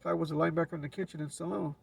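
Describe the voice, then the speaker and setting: Casting: LA man, gravelly and raspy, laid-back storyteller heard from off-mic. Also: a little high, fairly even intonation, racing, recorded from a distance, a little hiss or hum. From Los Angeles. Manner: laid-back street slang with frequent restarts. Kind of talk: casual storytelling.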